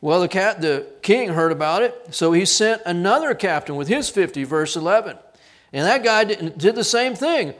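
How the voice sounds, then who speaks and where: A man preaching a sermon, reading scripture and acting out the quoted lines with big swings in loudness. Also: on the high side, moderate pace, vocal fry. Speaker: pastor.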